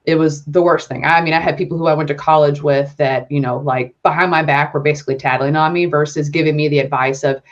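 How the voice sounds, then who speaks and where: A woman's voice: sits low, level tone, fast, hardly any pauses, muffled recording. A woman guest on a podcast, talking candidly and ramblingly with lots of fillers and casual swearing. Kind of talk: casual conversational interview.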